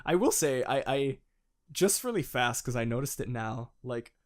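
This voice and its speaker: A man co-hosting a podcast in casual chat, excited and profane, often acting out characters' lines. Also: medium pitch, moderate pace. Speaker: podcast co-host.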